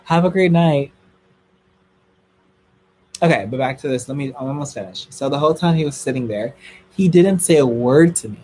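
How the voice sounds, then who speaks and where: A young man races through a dramatic, gossipy story for a live streaming chat audience, his voice leaping to squealing highs whenever he gets excited. There's a faint hiss or hum in the background.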